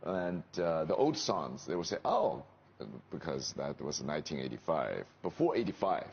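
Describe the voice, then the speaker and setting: Middle-aged male actor, Chinese accent, low but very animated delivery, slightly dull studio sound with faint hiss. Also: normal speed. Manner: animated, pitch jumps when quoting others. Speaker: interview guest, stage actor. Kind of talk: casual interview chat.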